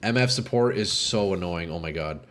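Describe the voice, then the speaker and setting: Man streaming live, lively up-and-down pitch, sniffly, swears and says bro a lot, faint room hum. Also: moderate pace. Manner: excitable, swears, calls chat "bro" and "dude". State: sniffly from a runny nose. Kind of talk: casual live gameplay chat.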